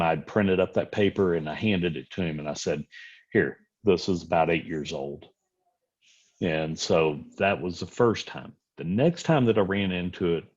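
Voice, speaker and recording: A middle-aged man with a very low, slightly husky voice, teaching a room of medics in a relaxed lecture. He tells stories and plays out both sides of the conversations in them. The recording sounds dull and lo-fi. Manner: storytelling, acts out dialogue in anecdotes. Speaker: physician lecturer. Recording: dull lo-fi audio.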